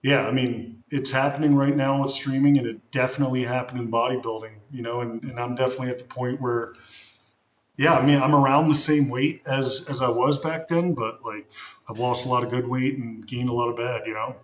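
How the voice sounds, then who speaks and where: A man hosting a live stream, talking casually and reflectively in a loose, rambling way. His voice sits at a middle pitch. The room around him echoes. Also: level tone, a little fast. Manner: rambling, self-reflective, many restarts. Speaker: streamer and bodybuilder.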